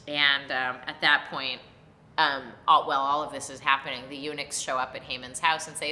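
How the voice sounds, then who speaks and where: A woman rabbi, a bit tipsy, retelling an old story as comedy and jumping into loud voices for the characters. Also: very deep voice, little pitch movement, normal speed, roomy sound, soft background music.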